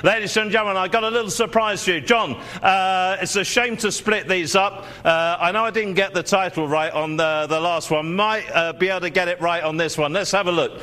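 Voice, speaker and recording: A man calling a live auction, running through bids quickly with frequent fillers. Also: sits high, steady tone, pushed and bright. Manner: rapid bid calling with many fillers.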